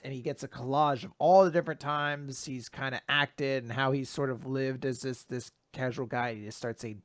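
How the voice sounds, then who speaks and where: A man casually retelling a manga chapter on a podcast, animated and acting out the lines as he goes. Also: mid-range voice, normal speed, few pauses, dry recording, clean studio sound. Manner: animated, slips into character voices when retelling. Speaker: podcast host. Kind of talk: casual manga recap chat.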